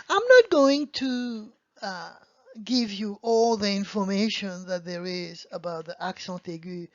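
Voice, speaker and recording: A French teacher, a woman with a medium-pitched voice, guides a beginner language lesson, explaining patiently and often checking in with "okay?". The recording is dry with no echo and has a dull, lo-fi quality.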